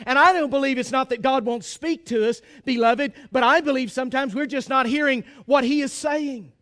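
A man preaching a sermon in an emphatic, pleading way, at times rising to a shout. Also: very high-pitched, moderate pace, hardly any pauses.

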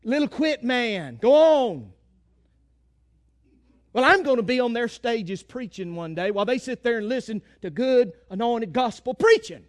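A man preaching a sermon, retelling a story and acting out the quotes, dropping to a hush and rising to shouts. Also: extremely high pitch, expressive, measured pace.

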